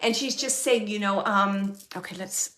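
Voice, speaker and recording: A woman hosting a live mediumship reading, gently relaying spirit messages and often pausing to thank the spirit. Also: medium pitch. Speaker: psychic medium and show host.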